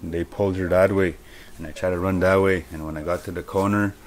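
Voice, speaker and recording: Deep-voiced guy from manitoba telling his vision story, earnest, kinda halting, repeats stuff. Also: steady tone, slight background noise. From Manitoba, Canada. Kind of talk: personal testimony.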